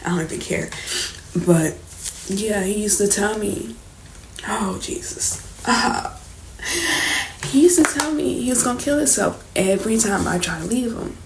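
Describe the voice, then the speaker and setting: A young woman telling a personal story in a casual, candid vlog, slangy and swearing as she goes. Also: medium pitch. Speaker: vlogger telling her story. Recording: roomy echo, faint background noise.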